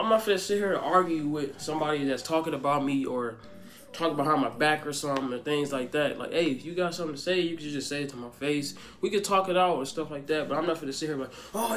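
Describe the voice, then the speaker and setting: A man's voice: on the high side, a bit bright. A young man answering fan questions in a casual, rambling vlog, with lots of fillers. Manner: laid-back, rambling, filler-heavy. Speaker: vlogger. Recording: faint music behind.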